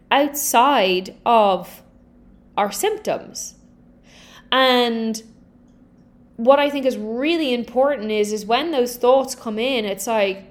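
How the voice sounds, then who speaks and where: Candid, swearing woman podcast host. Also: on the high side. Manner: candid, energetic, swears freely. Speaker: podcast host and healing coach. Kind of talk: casual podcast monologue.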